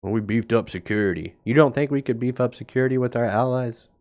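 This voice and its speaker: A man's voice: medium pitch, fast, a little mellow. A man hosting a casual crypto market livestream, talking blunt and sarcastic over charts, with a cough that keeps breaking in. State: coughing now and then. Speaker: crypto market show host.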